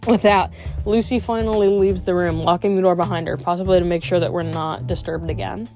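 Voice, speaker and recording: A woman's voice: fairly low pitch, fairly even intonation, brisk. A woman reading a visual novel aloud as a gaming streamer, with wry, playful asides. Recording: game music playing behind.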